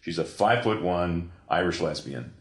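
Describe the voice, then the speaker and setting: A man in an interview, telling a long story in an animated, profane way, full of restarts. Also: low-pitched, moderate pace. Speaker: guest, comics creator. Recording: echoey room.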